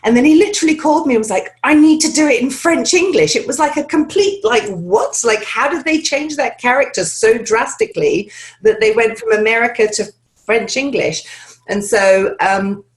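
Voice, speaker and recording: A woman voice actor talking casually in an interview, chatty and animated, with many fillers and restarts. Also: on the high side, moderate pace. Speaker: voice actor guest.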